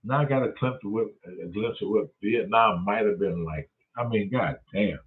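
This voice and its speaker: Profane, animated man on a tinny line. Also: fairly low pitch, moderate pace. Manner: profane, animated storytelling with acted-out quotes. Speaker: host. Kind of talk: casual storytelling rant. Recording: tinny phone-like sound.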